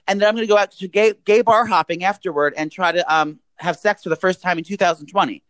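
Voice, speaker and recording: A man's voice: high voice, fast, a bit bright, clean tone, dry recording, low-quality recording. Crude, rambling young man, dry close sound. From US East Coast. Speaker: podcast co-host. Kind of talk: casual chat.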